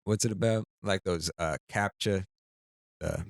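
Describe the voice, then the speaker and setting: A man's voice: sits low, measured pace, gravelly, dry recording, clean studio sound. A young man, a comedian guest on a podcast, talking casually and hesitating as he searches for words. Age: young adult. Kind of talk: casual chat.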